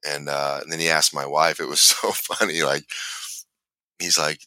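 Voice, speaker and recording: A man's voice: rumbling low, fairly even intonation, normal speed, bright, forceful tone, dry recording. A man hosting a podcast, telling a long personal story in a rambling way with many restarts. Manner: rambling, restarts often, laughs while telling. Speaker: podcast host. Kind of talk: casual storytelling chat.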